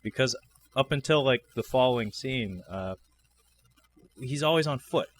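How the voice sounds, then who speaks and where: A man co-hosting a podcast, chatting casually about a film in a relaxed, wry way, often laughing. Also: mid-range voice, measured pace, slight background noise. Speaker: podcast co-host. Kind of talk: casual film review chat.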